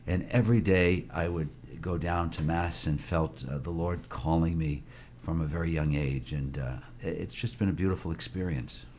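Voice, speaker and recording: Low-voiced priest in his sixties, halting. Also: fairly even intonation, a little mellow, slight background noise. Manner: halting, with many fillers and restarts. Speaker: priest, interview guest. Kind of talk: reflective interview conversation.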